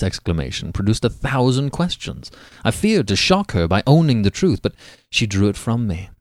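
A man reading a classic tale aloud as the podcast's narrator, with an expressive, dramatic delivery. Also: medium pitch, moderate pace, no room sound, studio quality. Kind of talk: scripted narration of a classic story.

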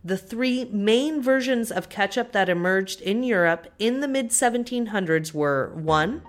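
A woman's voice: medium pitch, lively intonation, a little slow. A woman co-hosting a food history podcast, reading her scripted parts in a matter-of-fact way. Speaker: podcast co-host. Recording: faint music underneath.

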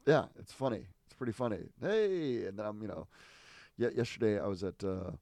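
A man with a fairly low, slightly mellow voice talks fast as a podcast co-host, with no echo on the recording. He tells stories casually in a rambling, amused way, restarting and interrupting himself.

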